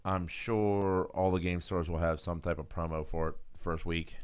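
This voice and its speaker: A man's voice: deep voice, fairly even intonation, moderate pace, clean tone. A man co-hosting a casual chat about new game releases, joking and playful. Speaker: co-host.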